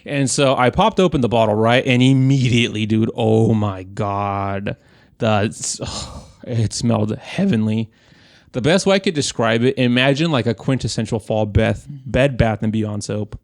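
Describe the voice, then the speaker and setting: A young man with a gravelly, fry-heavy voice tells a story on a casual podcast. He talks with a lot of energy, swears freely and acts out the people he quotes. The sound is dry and close. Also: mid-range voice, no echo. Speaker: podcast co-host.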